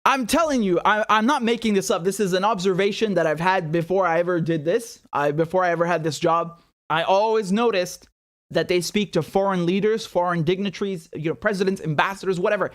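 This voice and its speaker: A man hosting a livestreamed political commentary show, ranting in an animated, exasperated way with sarcastic asides. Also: high-pitched, a little fast.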